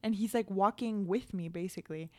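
A woman's voice: medium pitch, fairly quick, dry recording. A young woman co-hosting a podcast, chatting casually and telling stories, with some swearing and bits of Spanish. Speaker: podcast co-host. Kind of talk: casual chat.

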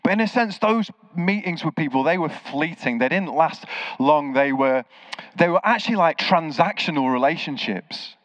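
A man's voice: fairly high pitch, normal speed, no echo. A man preaching a sermon, telling stories and acting out the voices of the people in them. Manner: animated storyteller, acts out quoted voices. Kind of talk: sermon with storytelling. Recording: slightly dull, dry sound.

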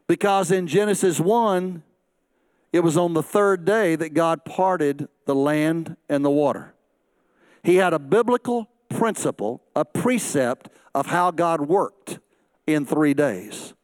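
A man's voice: high voice, no echo. A middle-aged man preaching a sermon as pastor, acting out quoted voices and joking asides.

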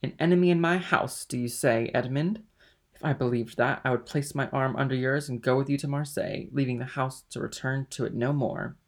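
A man's voice: mid-range voice, steady tone, fairly quick, creaky, hardly any pauses. A man reading aloud and voicing a passionate, loyal young woman who speaks with raised emphasis. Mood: indignant.

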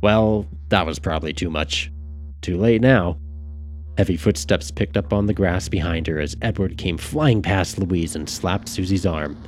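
A man narrating a dark novel in a measured storytelling manner. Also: low voice, soft background music. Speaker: audiobook narrator. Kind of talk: scripted narration.

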